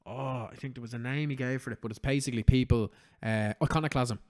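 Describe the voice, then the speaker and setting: A man's voice: medium pitch, fairly even intonation, fast talker, a little mellow. An Irish man hosting a podcast, chatting casually with lots of swearing and "do you know what I mean". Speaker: podcast host.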